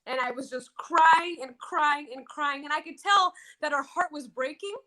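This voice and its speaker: High bright-voiced woman telling her story. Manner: emphatic, repeats key phrases slowly. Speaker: guest. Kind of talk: emotional personal storytelling.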